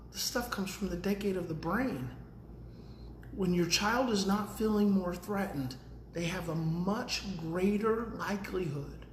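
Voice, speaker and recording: A man hosting a daily live video on parenting, talking casually and swinging from calm, low explanation to loud, emphatic passages. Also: echoey room, a little hiss or hum. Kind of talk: casual live-stream teaching.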